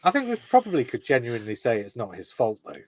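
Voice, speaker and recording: A man's voice: mid-range voice, wildly swooping pitch, fast talker, slight background noise. A man on a podcast panel, chatting casually, arguing his point carefully with dry, teasing humour. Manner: reasoning, dryly teasing. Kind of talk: casual comedic chat.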